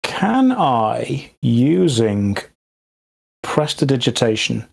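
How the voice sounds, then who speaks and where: A man's voice: medium pitch, very animated, drawn-out words, creaky, a little mellow. A man playing in a tabletop game, asking the game master earnest questions. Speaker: player. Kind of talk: casual game talk.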